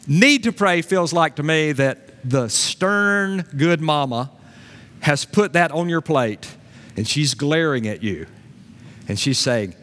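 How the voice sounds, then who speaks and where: A man preaching a sermon, folksy and animated, dropping to a low voice in prayer. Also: measured pace. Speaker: pastor. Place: church sanctuary. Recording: long hall reverb.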